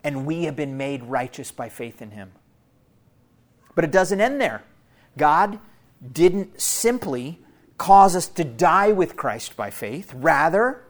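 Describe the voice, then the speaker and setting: A man preaching a sermon to his church in an earnest, teaching manner, repeating key phrases for emphasis and speaking to listeners as family. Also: on the high side. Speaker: pastor.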